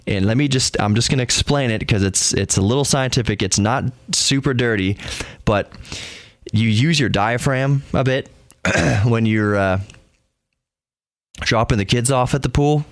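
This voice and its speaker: A man's voice: mid-range voice, a little slow, no echo, clean studio sound. A man in his thirties hosting a podcast, telling a comic story casually and laughing at himself. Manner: self-deprecating, laughs at his own stories. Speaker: podcast host.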